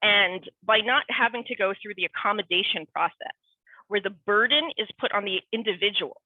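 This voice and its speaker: An animated woman talks freely, running from one tangent to the next and slipping into quoted voices. The sound is thin and phone-like, and the room gives back no echo. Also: medium pitch, normal speed. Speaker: guest speaker. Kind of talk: casual conversational talk. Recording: tinny phone-like line, dry.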